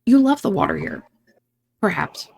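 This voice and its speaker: A woman hosting a let's-play reads the game's lines aloud with theatrical flair, trading one character's voice for another as the scenes move along. Her voice sits at an ordinary middle pitch. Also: wildly swooping pitch, normal speed, vocal fry, a little mellow. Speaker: gaming channel host. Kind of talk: reading game dialogue aloud in a let's-play.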